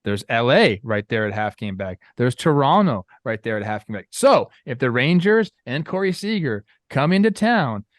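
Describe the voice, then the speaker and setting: A man co-hosting a baseball talk show, opinionated and animated in casual chat. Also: medium pitch, normal speed, few pauses, no room sound, studio quality.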